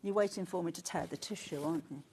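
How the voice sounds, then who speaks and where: A woman presenting a live shopping channel, chatty and excitable, often gasping and laughing as she talks. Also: on the low side, quick pace, slight background noise. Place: TV studio.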